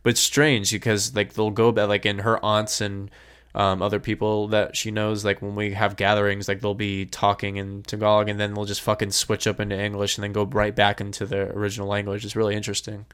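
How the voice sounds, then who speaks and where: Low, smooth-voiced man chatting. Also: completely flat delivery, fairly quick, fairly bright tone. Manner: laid-back, swears casually. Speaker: podcast co-host. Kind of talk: casual chat.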